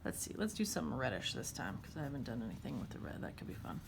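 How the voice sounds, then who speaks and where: A woman's voice: very deep voice, very animated, quick pace, gravelly, slight background noise. A woman teaching a watercolor demonstration, chatting and thinking aloud as she paints.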